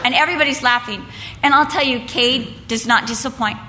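An older woman gives a storytelling sermon with a bright, slightly high voice. She acts out family voices before settling into earnest preaching. Her voice carries through a large reverberant hall. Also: fairly quick. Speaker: speaker at a women's Christmas event. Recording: reverberant hall with faint background noise.

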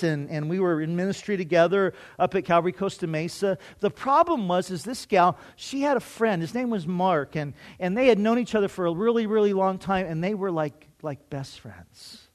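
Brief: middle-aged male pastor, high-pitched voice, animated sermon storytelling with self-mocking humor. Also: normal speed. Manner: animated, acting out his own past thoughts with self-mocking humor.

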